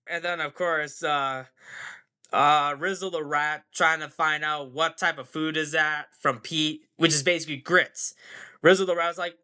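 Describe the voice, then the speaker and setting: Bright-voiced man rambling through a movie review. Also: fairly high pitch, level tone, moderate pace, smooth. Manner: rambling, loose, many fillers and tag questions. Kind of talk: casual movie review vlog.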